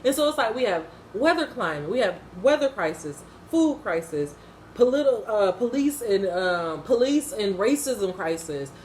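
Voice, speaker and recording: A woman talks through a TV episode in an unscripted, casual way. Her voice sits at a middle pitch, and she is blunt, profane and impassioned. A faint noise floor runs beneath her. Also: very animated, normal speed, darkish tone, roomy sound. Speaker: TV episode reviewer.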